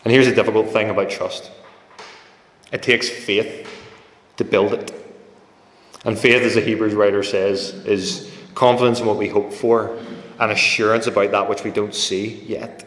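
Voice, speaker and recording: Guy giving a sermon, chatty storytelling, low voice, big echoey church hall. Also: steady tone, normal speed, long pauses, a bit bright. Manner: conversational, storytelling with quoted voices. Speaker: preacher. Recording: echoey hall with long reverb.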